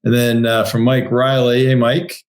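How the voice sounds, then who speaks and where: A man's voice: mid-range voice, flat delivery, normal speed, slight background noise. A man hosting an interview, giving short encouraging replies and reading out audience questions with many hesitant fillers. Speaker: podcast host.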